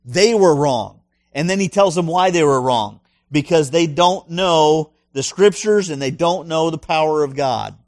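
A man's voice: fairly high pitch, measured pace, a little mellow, no room sound, clean studio sound. A male pastor preaching a sermon in an emphatic way, full of rhetorical questions and punchy asides.

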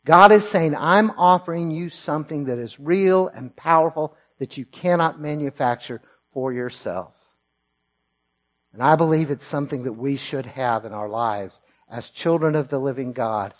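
A male preacher with a notably high voice delivers a sermon to his church. He swells up loud and high on the scripture quotes, then drops to a low, hushed tone for his personal asides. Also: normal speed. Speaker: pastor.

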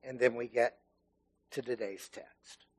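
A middle-aged man giving a sermon, telling a childhood story in a relaxed, conversational way with fillers, then reading scripture. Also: mid-range voice, measured pace, husky. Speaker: lay preacher.

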